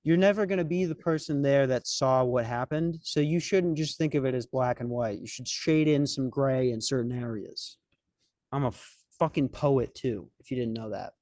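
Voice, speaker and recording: A man's voice: medium pitch, normal speed, a little mellow, no echo. Rambling, cussing young man, dry sound. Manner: rambling, profane, self-mocking. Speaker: podcast host. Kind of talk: comedic storytelling chat.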